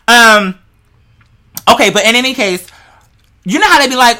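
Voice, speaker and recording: Bright voice, forceful delivery, podcast host, casual chat, slangy and profane, rambling theories. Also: medium pitch, brisk, long pauses. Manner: animated, rambling, slangy storyteller; profane, speculative, talks straight to listeners.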